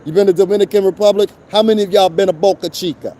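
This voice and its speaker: A man's voice: high-pitched, fairly even intonation, rapid-fire, few pauses, warm tone. A man hosting a show, ranting in blunt, profane commentary with rhetorical asides to his listeners. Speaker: show host. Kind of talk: unscripted commentary rant.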